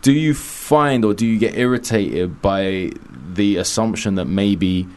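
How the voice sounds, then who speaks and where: A man's voice: lowish voice, measured pace, smooth. A man co-hosting a casual chat, often restarting his sentences and mimicking voices as he tells stories. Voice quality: stammering restarts, animated. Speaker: co-host.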